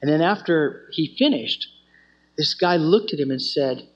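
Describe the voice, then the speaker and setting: A man's voice: on the high side, expressive, unhurried. A man teaching a student fellowship, telling stories in an earnest sermon style and often restarting his phrases. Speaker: campus ministry teacher. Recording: dull lo-fi recording.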